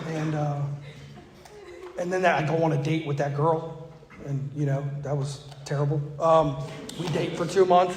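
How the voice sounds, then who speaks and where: A man's voice: a little high, background noise. A man telling his recovery story to a meeting in a casual, joking way, acting out the voices of other people. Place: meeting room with an audience. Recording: echoey hall with faint ambience.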